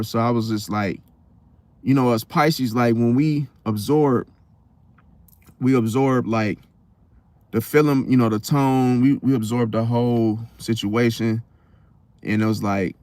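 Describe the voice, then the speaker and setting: A man's voice: medium pitch, dry recording. Slangy young man telling a story. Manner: slangy, animated retelling, acts out quotes. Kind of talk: casual storytelling.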